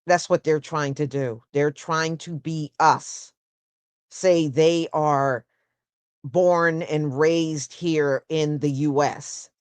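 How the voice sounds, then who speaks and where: A woman hosting a casual solo livestream, talking in an unhurried, conversational way and answering viewers with "mm-hmm" and "yeah". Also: low voice, steady tone, no echo. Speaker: host.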